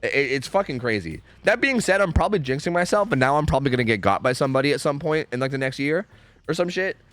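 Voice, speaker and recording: A man's voice: medium pitch, animated, fast talker, a bit bright, no room sound, faint music behind. A young man streaming, chatting casually with viewers in a rambling, profane, sarcastic way.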